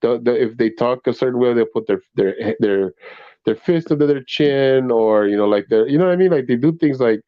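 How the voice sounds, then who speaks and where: A man's voice: mid-range voice, animated, a little fast, no echo, dull audio. A man who grew up speaking Spanish, chatting casually as a podcast host, rambling with many restarts and laughing often. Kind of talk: casual chat.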